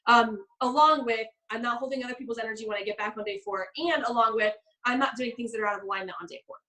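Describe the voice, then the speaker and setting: A young woman coaching a live online group, telling stories in an animated way and acting out the people she quotes. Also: on the high side, low-quality recording. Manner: fast, bubbly, animated storytelling with quoted voices. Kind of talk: live business coaching session.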